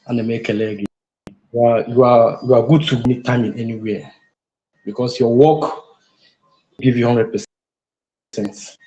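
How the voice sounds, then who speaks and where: Man, Nigerian accent, caller, halting speech, echoey sound. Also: medium pitch, little pitch movement, mellow, lo-fi sound. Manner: hesitant, halting. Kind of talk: casual call-in talk.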